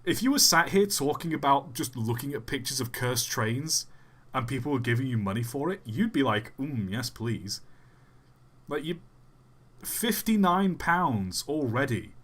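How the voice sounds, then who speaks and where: A man's voice: medium pitch, animated, moderate pace, fairly bright tone. A young man giving casual, jokey live-stream commentary, chatty and often trailing off.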